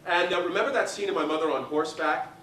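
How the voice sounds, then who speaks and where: A man performing a one-man show, telling gossipy stories on a live theater stage in a lively, theatrical manner. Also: a little high, fast talker, slight background noise. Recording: echoey theater from far off.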